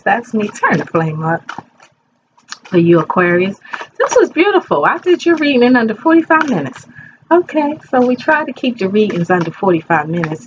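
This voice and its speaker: Woman in her 50s rambling thru a tarot reading in her bedroom, muffled lo-fi sound, faint hiss. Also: medium pitch. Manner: chatty, rambling, talks straight to viewers. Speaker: tarot reader. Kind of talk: casual tarot reading chat. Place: bedroom at home.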